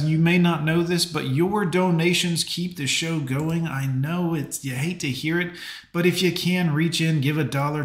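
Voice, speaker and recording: A man's voice: on the high side, reverberant. A man hosting a live stream, talking casually and rambling with plenty of fillers. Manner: chatty, rambling, lots of fillers. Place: home.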